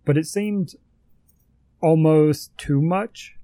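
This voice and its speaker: A man in relaxed conversation, weighing his opinion slowly with restarts and fillers. His voice is mellow and mid-pitched, recorded dry and close. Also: dry recording. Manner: hesitant, thinks aloud with many fillers. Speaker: podcast co-host. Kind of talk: casual chat.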